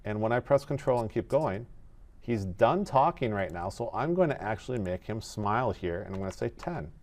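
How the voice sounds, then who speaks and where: A man teaching animation in a screen-recorded tutorial, explaining each step in a methodical, relaxed way. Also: lowish voice, moderate pace.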